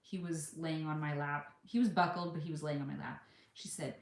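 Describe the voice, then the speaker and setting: A woman's voice: low voice, moderate pace, creaky. A woman in her thirties from the United States, telling a travel story casually and acting out the people she quotes. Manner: chatty, animated retelling with quoted voices. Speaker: vlogger. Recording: echoey room.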